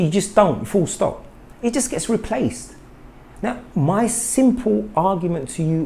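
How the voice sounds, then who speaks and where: A middle-aged man delivers an indignant monologue to camera. His pitch swings widely as he fires off rhetorical questions and repeats points for emphasis. The talk is loose and unscripted, like a vlog rant. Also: mellow. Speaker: health vlogger.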